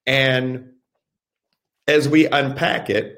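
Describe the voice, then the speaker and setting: A pastor teaching a Bible study, who speaks deliberately and repeats phrases for emphasis. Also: male voice, mid-range voice, little pitch movement, a bit bright.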